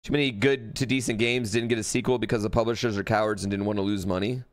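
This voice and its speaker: A man's voice: lowish voice, fairly even intonation, quick pace. A man streaming live, reacting in a blunt, rambling way, with lots of fillers and swearing. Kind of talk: casual livestream reaction chat.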